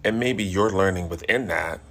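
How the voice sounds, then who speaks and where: A man with a very low voice talks through self-help advice in a measured, earnest way. His delivery is reflective and steady. A slight hiss runs under the recording. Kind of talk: reflective motivational talk.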